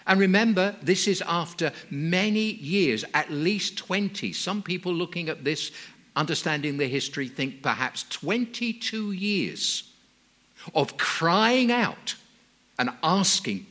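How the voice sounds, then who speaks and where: A man preaching a sermon, telling stories in an earnest, measured way with emphatic rises. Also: fairly high pitch, very animated, a bit bright.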